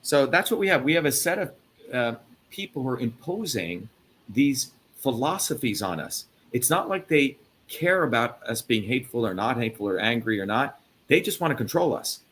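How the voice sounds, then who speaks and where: A man's voice: mid-range voice, sing-song, moderate pace, fairly bright tone. A man from India hosts a heated live interview. He speaks in a mid-range voice, pushing his points with profane emphasis and mocking asides. A faint hum of room noise sits under him. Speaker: host.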